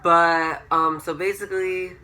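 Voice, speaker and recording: A young man tells his storytime on camera, rambling and packing in fillers. His voice sits a bit high and sounds very bright and sharp. Faint room noise hums under it, and he leaps into excited shrieks when he acts out his own lines. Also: measured pace. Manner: excited, rises to high-pitched shrieks when quoting himself. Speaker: vlogger. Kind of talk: storytime vlog.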